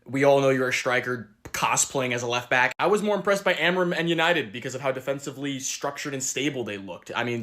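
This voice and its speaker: A man's voice: medium pitch, fairly bright tone. A man giving a sarcastic, jokey football match reaction, sounding distant from the microphone.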